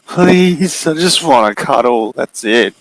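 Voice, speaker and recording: A man voicing a clingy, menacing unseen male creature with a booming voice in a tabletop game, pleading and possessive in slow, drawn-out lines. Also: expressive, dry recording, poor audio. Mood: coaxing.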